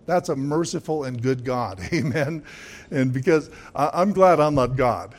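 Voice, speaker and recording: A man's voice: mid-range voice, measured pace. A man preaching a sermon, emphatic, with frequent calls of "Amen?" and chuckling asides. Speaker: pastor.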